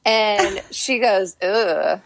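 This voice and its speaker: A pregnant young woman co-hosting a podcast, chatting and telling a family story in an animated way. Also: on the low side, normal speed, no echo. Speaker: podcast co-host. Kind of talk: casual chat.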